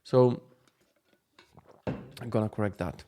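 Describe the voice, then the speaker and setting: A man, ranting in a casual vlog, profane, animated and self-mocking. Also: lowish voice, takes it slowly. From North Macedonia. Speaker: vlogger.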